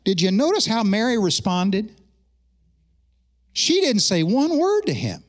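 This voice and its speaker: A middle-aged male pastor with a notably high-pitched voice delivers a sermon in a church service. He speaks in an animated, conversational way, mixing earnest teaching with self-deprecating humorous asides. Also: measured pace. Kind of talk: sermon with opening prayer. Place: church sanctuary during a service.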